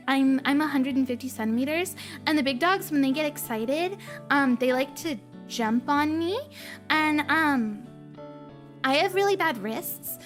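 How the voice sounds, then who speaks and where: A high-pitched woman streams a casual chat, bubbly and rambling in a playful way. Her talk drifts easily from one thing to the next, light and upbeat. Quiet background music sits faintly under her voice.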